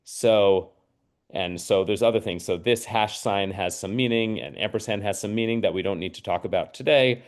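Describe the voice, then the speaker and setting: A man's voice: lowish voice, normal speed. A man teaching a screen-share lesson, explaining each step patiently and checking in with listeners. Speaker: mathematics teacher trainer.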